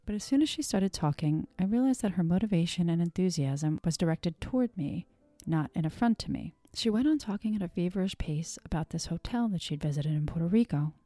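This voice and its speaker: A woman's voice: on the low side, mellow, no echo. A woman hosting a podcast, telling her own story in scripted narration with a wry, self-deprecating manner.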